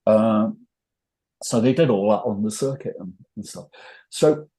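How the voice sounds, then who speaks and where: A man's voice: on the low side, measured pace, mellow. An older man with a North Welsh accent, telling rambling, self-deprecating stories as an interview guest. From North Wales. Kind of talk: casual interview storytelling.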